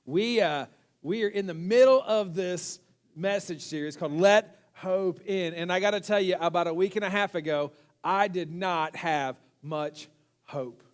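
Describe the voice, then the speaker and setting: A man's voice: high-pitched, unhurried, smooth. A man in his thirties, a pastor, giving a casual, conversational sermon full of self-deprecating humor and storytelling. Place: church sanctuary.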